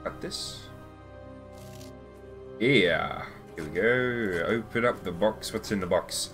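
A man's voice: lowish voice, takes it slowly, a bit bright, faint music behind. A man casually commenting while playing a video game, reading notes aloud and laughing. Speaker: gaming channel host. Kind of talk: casual let's play commentary.

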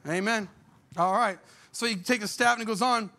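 High, bright-voiced fiery preacher man. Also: moderate pace. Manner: fiery, emphatic preaching with rhetorical questions; blunt, folksy talk. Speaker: pastor. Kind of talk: sermon.

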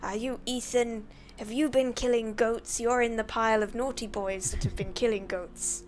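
A jolly, scolding Santa with a ho-ho-ho manner, as a woman puts him on. The voice sits a little high, casual and playful, as in an improvised story told over game screenshots. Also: fairly even intonation, normal speed, lightly acted. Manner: booming ho-ho-ho, scolding. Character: jolly Santa accusing a man of killing goats.

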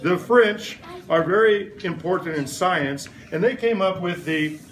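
A man's voice: sits high, animated, measured pace, a bit bright, roomy sound, distant mic. A middle-aged man teaching a science lesson in a classroom, quizzing the class in playful call-and-response. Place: elementary school classroom.

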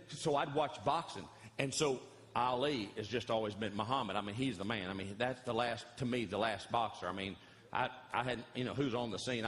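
A man spins a comic story in a big, echoing church hall, talking at a middling pitch. He is animated and folksy, circling back over his phrases. A faint hum sits underneath his voice. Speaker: comedian and pastor. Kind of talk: stand-up comedy storytelling. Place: large church hall before an audience. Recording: reverberant hall, live audience.

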